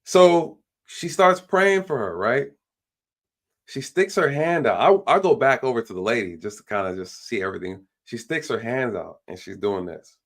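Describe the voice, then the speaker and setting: A man's voice: mid-range voice, expressive, normal speed. A man, a police officer, telling a story in a casual way on a live stream. He acts out the lines of the people in it and often repeats himself with fillers like "you know".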